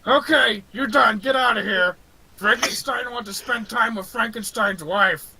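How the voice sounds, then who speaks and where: A man voicing Frankenstein's monster, a giant, simple-minded male corpse who talks in broken caveman grammar with slow, booming shouts. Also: breathy edge, heavily acted, low-quality recording. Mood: gloomy.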